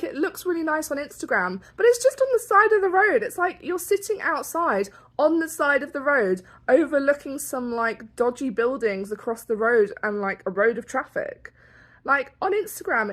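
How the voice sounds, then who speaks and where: A British woman vlogging from her hotel room, ranting in an exasperated, animated way and laughing between complaints. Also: a little high. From Britain. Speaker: travel vlogger. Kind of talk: casual vlog rant.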